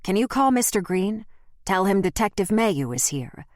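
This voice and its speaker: A woman's voice: medium pitch, very animated, moderate pace, no room sound, lightly acted. A woman voicing a wry off-duty female detective with dry humor, in an audiobook. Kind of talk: audiobook character voice.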